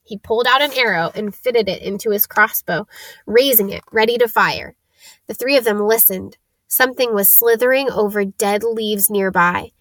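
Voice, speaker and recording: A woman narrating a children's storybook in a steady, expressive read. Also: medium pitch, moderate pace. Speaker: audiobook narrator.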